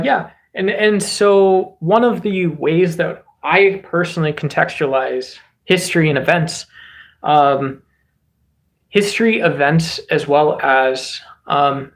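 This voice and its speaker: A man from the United States rambles through casual political commentary, restarting his thoughts and piling on "um" and "like." His voice is fairly high for a man, and he keeps a loose, conversational flow as he answers his chat. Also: a bit bright. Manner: rambling, many fillers and restarts. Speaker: streamer host.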